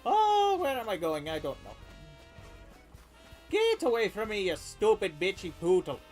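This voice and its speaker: Brief: a streamer doing a squeaky angry Irish heckler, far off the mic. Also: sing-song, a little slow, darkish tone, soft background music. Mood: mocking.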